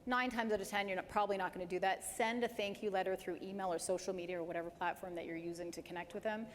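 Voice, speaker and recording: A Canadian woman with a medium-pitched voice gives a live dental career talk to an audience in a large hall. She is lively and emphatic, speeding up and slowing down to illustrate her points. The recording carries hall reverb and faint background noise.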